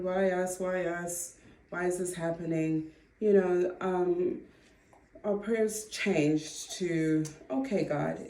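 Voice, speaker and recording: A woman's voice: lowish voice, a little hiss or hum. Earnest woman, roomy distant sound. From Zimbabwe. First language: Ndebele. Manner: earnest, reflective, quick to laugh softly. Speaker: mother sharing her testimony. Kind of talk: personal faith testimony.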